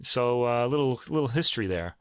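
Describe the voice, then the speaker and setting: A man talking through recordings as a podcast co-host, loose and conversational, pausing with ums as he thinks aloud. His voice sits at an ordinary middle pitch. The recording is dry and close, with no room sound. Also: animated, clean tone, no room sound. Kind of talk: casual chat about recordings.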